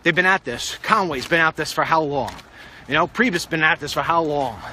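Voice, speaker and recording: A political vlogger in middle age records himself on a handheld phone while walking a street outdoors, rambling confidently and speaking directly to the president. His voice runs on the high side, a little fast, and pushed and bright.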